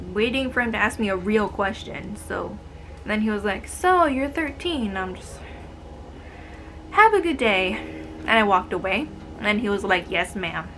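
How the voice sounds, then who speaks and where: A medium-pitched, fairly bright voice belongs to an American vlogger in her twenties recounting retail job stories. Her storytime delivery is casual, sarcastic, and exasperated, with slight background noise in the clip.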